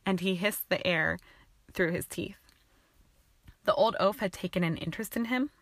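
A woman narrating a fan-fiction audiobook with an even, steady reading. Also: lowish voice, no echo, studio quality.

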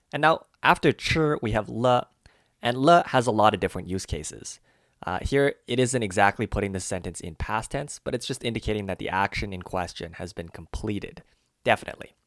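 A man co-hosting a language lesson, carefully walking through example phrases and slowing down on the key words. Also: on the low side, a bit bright, dry recording, studio quality. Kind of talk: scripted explanatory lesson.

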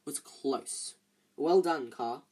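An amateur reader voicing a panicky teenage boy wizard who pleads and yells in a storybook reading. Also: mid-range voice, extremely slow, husky, exaggerated voice. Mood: panting. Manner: urgent, pleading then yelling.

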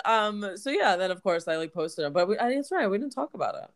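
A woman's voice: mid-range voice, expressive, a little fast. A woman co-hosting a podcast, telling a story in casual chat, full of "like" fillers. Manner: chatty storyteller, many "like" fillers. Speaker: podcast co-host.

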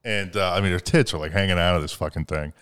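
A man's voice: low voice, fast, a bit bright, smooth. A man hosting a podcast, telling crude stories in a rambling, profane way with lots of fillers. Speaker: podcast host. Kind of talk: crude casual chat.

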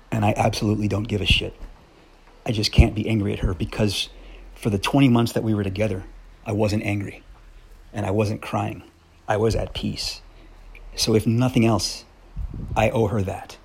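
Blunt, low husky-voiced man. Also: a little mellow. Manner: blunt, candid, swears freely; reads his old essay aloud. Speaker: podcast host. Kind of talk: personal monologue.

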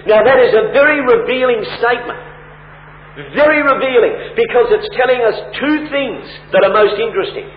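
A man's voice: high voice, slight background noise. A man preaching a sermon, emphatic, with rhetorical questions and a rising and falling delivery. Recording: echoey hall, tinny phone-like sound.

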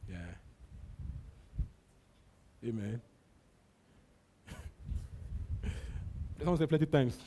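Husky-voiced Nigerian preacher man. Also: mid-range voice, mellow. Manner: repetitive preaching with frequent hallelujahs. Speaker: pastor. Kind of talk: sermon.

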